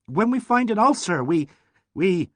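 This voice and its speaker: A man voicing a flustered, gushing young woman in an audiobook, excitable and stammering. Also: sits high, unhurried, dry recording, voice pushed up.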